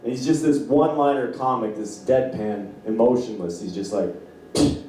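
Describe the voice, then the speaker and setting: A man from Canada performing stand-up, with a mellow voice and loose crowd-work banter that slips into acted voices. His mic sounds very echoey and distant in the club. A faint hum sits underneath. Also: mid-range voice, lively intonation, normal speed. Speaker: stand-up comedian. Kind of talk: stand-up comedy set. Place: comedy club.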